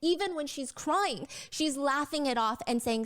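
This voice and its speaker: A woman's voice: high-pitched, lively intonation, moderate pace, a bit bright. A woman hosting a podcast, earnestly recounting a story in detail. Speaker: true crime podcast host. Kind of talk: storytelling commentary.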